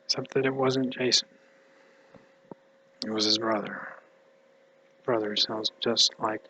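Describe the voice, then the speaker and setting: A man rambling through a personal monologue in a tired, mumbly voice, halting and hushed, sometimes dropping to a whisper. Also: fairly low pitch, steady tone, slight background noise, poor audio. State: exhausted. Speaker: vlogger.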